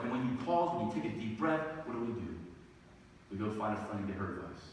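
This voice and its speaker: A middle-aged man preaching a sermon as pastor, earnest and building from quiet words to emphatic outbursts. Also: lowish voice, lively intonation, quick pace, a little hiss or hum. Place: church sanctuary. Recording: echoey hall, distant mic.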